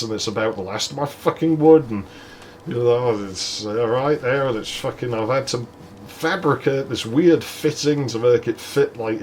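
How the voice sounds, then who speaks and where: A man's voice: medium pitch, a little hiss or hum. Let's play guy, sweary, laughs a lot, just chatting. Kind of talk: casual gameplay commentary and storytelling.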